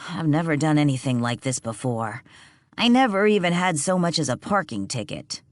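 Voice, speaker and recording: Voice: medium pitch, lively intonation, normal speed, no room sound, studio quality, close to an everyday voice. Narrator reading a jittery frightened fugitive man. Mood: nervous. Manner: anxious, pleading. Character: nervous frightened man on the run.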